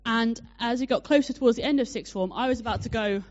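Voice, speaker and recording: A young woman preaching a sermon, telling a personal story in a chatty, animated way with many fillers. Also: on the high side, fast talker. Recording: dull lo-fi sound.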